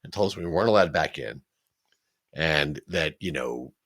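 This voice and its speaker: Casual podcast co-host, middle-aged man, very low voice, rambling storyteller. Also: lively intonation, moderate pace, fairly bright tone. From Philadelphia. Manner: rambling, laughing storyteller with frequent restarts.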